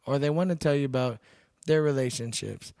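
Guesting on a relaxed podcast, this young bouncer and MMA fighter from Texas spins stories bluntly, easygoing and cursing without restraint. He talks briskly in a warm, creaky, medium-pitched voice. It's a studio-quality recording without room sound.

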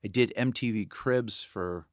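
A man's voice: on the low side, a little slow, no echo, studio quality. A middle-aged man, a cinematographer and filmmaker, telling stories in casual conversation, humming tunes and imitating people. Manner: lively anecdotes, hums tunes and imitates people.

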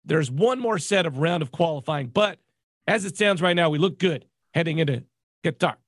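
A man co-hosting a sports podcast, excitable and mock-indignant in casual banter. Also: a little high, normal speed, no room sound, clean studio sound. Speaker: podcast co-host.

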